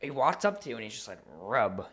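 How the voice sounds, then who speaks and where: Casting: young male podcast co-host, animated, swears a lot, laughs often. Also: mid-range voice, very fast, husky. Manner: laughing, profane, animated storytelling. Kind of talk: casual chat.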